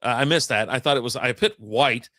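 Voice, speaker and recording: A man's voice: medium pitch, a little fast, sharp tone, no room sound, clean studio sound. A man hosting a casual chat, telling a rambling, profane story and acting out the people in it. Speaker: podcast host.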